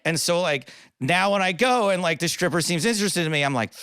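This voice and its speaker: A man's voice: high voice, a little fast, smooth. A man, a comedian and poker commentator, chatting as a podcast guest and telling self-deprecating stories full of acted-out quotes. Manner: animated, self-deprecating anecdotes with voiced quotes. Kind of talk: casual storytelling interview.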